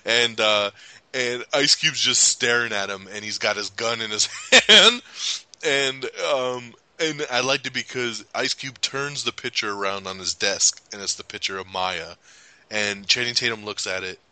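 A man hosting a casual movie review podcast, retelling scenes with loud acted-out lines. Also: mid-range voice, unhurried, clear, resonant tone, dry recording. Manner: animated, acts out scenes with loud quoted lines. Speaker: podcast host.

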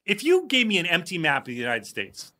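A man from New Jersey co-hosting a podcast in casual chat, animated and quick to laugh as he acts out quotes. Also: high-pitched. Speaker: podcast co-host.

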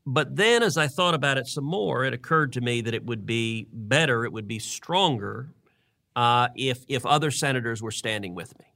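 Middle-aged man, senator co-host; bright, forceful delivery with earnest, stumbling repeats. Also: mid-range voice, moderate pace, creaky. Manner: earnest, repeats words while building his point. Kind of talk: casual political podcast talk.

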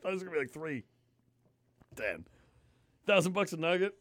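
A man's voice: on the high side, a little fast. A man telling a disgusted, swear-filled story in casual podcast chat. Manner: animated, swears constantly, disgusted ranting. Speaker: podcast host.

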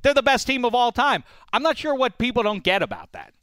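A man hosting a casual sports debate, animated and opinionated, breaking into mocking impressions of fans. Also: extremely high pitch, brisk, smooth, no room sound. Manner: animated, puts on mock fan voices. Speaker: sports talk host.

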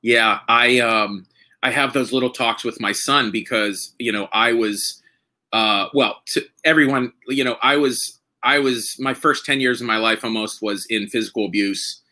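A man in his thirties hosts a casual podcast chat. His voice is bright and forward, and he keeps circling his point with fillers and false starts. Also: medium pitch. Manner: rambling, halting, full of fillers and restarts. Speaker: podcast host. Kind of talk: casual conversation.

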